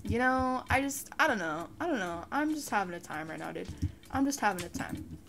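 A young woman giving casual commentary over a game, frustrated and swearing, with sudden shouted outbursts. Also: medium pitch, animated, fairly quick, gravelly, noisy background. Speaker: gaming YouTuber. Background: faint background music.

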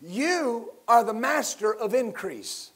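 Man, pastor, sermon, high-pitched, husky, emphatic, call-and-response. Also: expressive, takes it slowly. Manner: rising to loud emphatic bursts.

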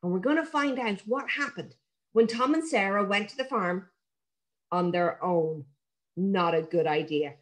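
A woman reading a picture book aloud to young children, warm and expressive. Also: mid-range voice.

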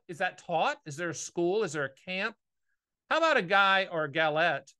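Fast-talking annuity man. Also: high voice, sing-song, pushed and bright, clear, resonant tone. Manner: fast-talking, folksy and emphatic. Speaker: annuity agent and show host. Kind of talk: casual monologue video.

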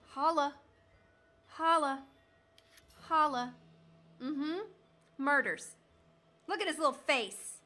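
A woman in her thirties doing jokey, excitable commentary while she plays a video game. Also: high-pitched, slow, long pauses, faint music behind. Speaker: gaming streamer. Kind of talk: let's play commentary.

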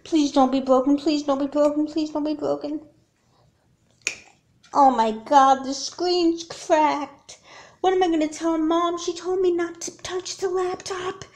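In a home-made doll movie, a woman voices a young girl hooked on her laptop, speaking in a low-set, natural voice. When she panics, her voice jumps up high and loud. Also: steady tone, moderate pace, lightly acted. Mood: panicked.

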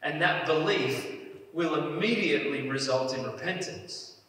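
A man's voice: fairly high pitch, measured pace, a bit bright. A man preaching a sermon in an earnest way, leaning hard on key phrases. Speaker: pastor. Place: church hall. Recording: echoey church hall, mic at a distance.

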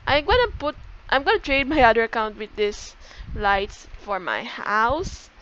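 A young woman with a high voice talks casually through a game tour, chatty and excitable, often breaking off to correct herself. The recording is dull and lo-fi, like a cheap home mic. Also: a little slow, a little hiss or hum. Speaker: gaming YouTuber.

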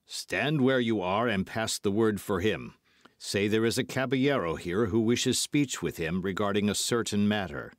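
A man's voice: fairly low pitch, normal speed, no room sound, studio quality, lightly acted. A man voicing a masked male outlaw who gives stern, clipped threats. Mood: commanding.

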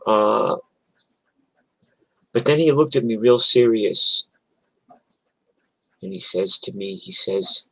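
Slow, rambling older storyteller man. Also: fairly low pitch, creaky, sharp tone, poor audio. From New York. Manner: rambling, profane, many restarts. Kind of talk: casual spoken storytelling.

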